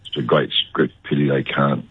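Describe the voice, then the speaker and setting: Really deep raspy old aussie bloke, muffled lo-fi line, dry. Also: male voice, flat delivery, moderate pace, a little hiss or hum. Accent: Australian. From Australia. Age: older. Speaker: actor guest. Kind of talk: radio interview.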